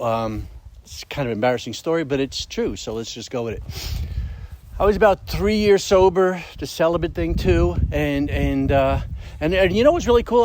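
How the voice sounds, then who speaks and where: A middle-aged man telling a story at a recovery meeting in a casual, animated way, swearing and acting out the voices of the people in it. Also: mid-range voice. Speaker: speaker sharing at a recovery meeting.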